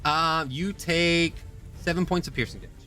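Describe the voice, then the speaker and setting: A man's voice: on the high side, moderate pace, sharp tone, faint music behind. A man running a tabletop game as game master, narrating with a playful, joking manner.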